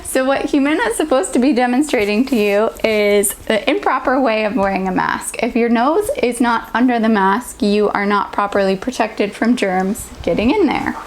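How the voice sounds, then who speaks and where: A woman lactation consultant giving clear, step-by-step safety instructions in an instructional health video. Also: on the high side, moderate pace, hardly any pauses.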